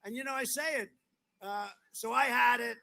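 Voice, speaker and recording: A man's voice: extremely high pitch, moderate pace, gravelly, sharp tone. A man in his seventies giving a rambling, repetitive rally speech outdoors, full of boastful asides. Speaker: political speaker at a rally. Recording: faint crowd noise at a rally. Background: faint crowd ambience.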